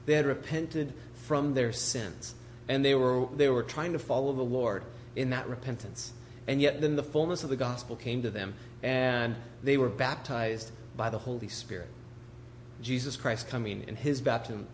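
A pastor preaches a sermon in a conversational style, frequently putting rhetorical questions to his listeners. His voice sits at a medium pitch, with slight background noise in the recording.

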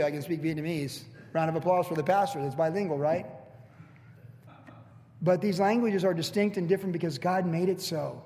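Chatty pastor preaching in an echoing hall. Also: male voice, sits high. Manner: chatty, jokey asides, swings into excited emphasis. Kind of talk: conversational sermon. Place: church hall with evening congregation. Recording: long hall reverb.

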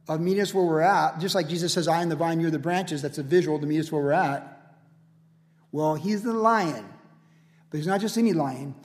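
A pastor delivering an emphatic, animated sermon, driving his points home with repetition. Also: high voice, big-room sound.

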